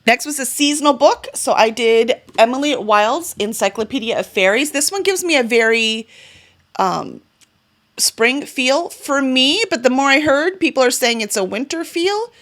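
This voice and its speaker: A woman's voice: sits high, lively intonation, normal speed, a bit bright. Chatty woman book vlogger. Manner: chatty, enthusiastic, with fillers and self-corrections. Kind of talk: casual reading-goals vlog.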